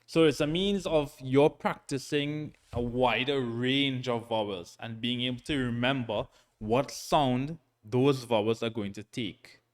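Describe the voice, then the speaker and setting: Slow, patient male reading teacher. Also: mid-range voice. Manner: slow, patient, frequent "right?" check-ins; sounds out syllables slowly and repeats them. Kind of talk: recorded lesson.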